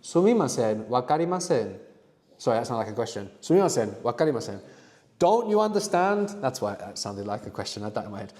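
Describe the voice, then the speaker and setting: A man's voice: on the low side, rapid-fire, few pauses, a little mellow, long reverb tail. A man teaching a language lesson, asking the student questions and adding "no?" at the end of his points. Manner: prompting questions, frequent "no?" tags.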